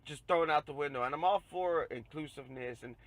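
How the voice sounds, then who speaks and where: A man hosting a podcast, ranting in a casual, profane way that grows loud and heated. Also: on the high side, brisk, dry recording, rough recording. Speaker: podcast host. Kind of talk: casual rant.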